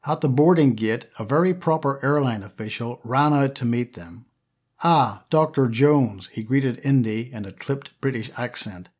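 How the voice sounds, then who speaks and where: A man narrating an adventure novel as an audiobook reader, telling the story in a steady, lively way. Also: medium pitch, normal speed, few pauses. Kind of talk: scripted narration.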